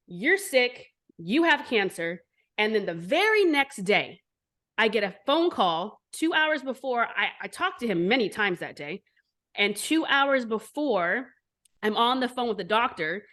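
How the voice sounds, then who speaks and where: A woman in her forties, an entrepreneur guest telling her story in an interview, blunt and animated, with frequent swearing. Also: a little high. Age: 40s.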